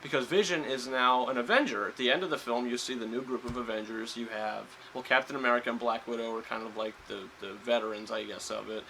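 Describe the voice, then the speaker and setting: Bright-voiced man rambling through a review. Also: medium pitch, fairly even intonation, fast, few pauses, a little hiss or hum, low-quality recording. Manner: rambling, heavy on fillers and restarts. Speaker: movie reviewer. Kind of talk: casual spoiler review.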